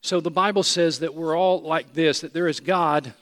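A man preaching a sermon, emphatic and repeating his phrases, sometimes dropping to a hushed voice. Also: on the high side, fairly even intonation, moderate pace. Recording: long hall reverb.

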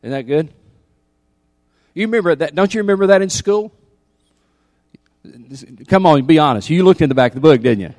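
A man's voice: on the high side, expressive, normal speed, long pauses, dry recording. Emphatic male preacher, dry close sound. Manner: emphatic preacher, repeats key lines, swings from loud to hushed. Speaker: pastor. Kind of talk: sermon.

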